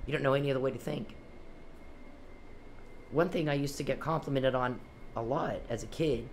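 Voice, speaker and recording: A woman's voice: very deep voice, darkish tone, slight background noise. A woman vlogging an angry, confrontational monologue aimed at one man, cursing often and preaching at him.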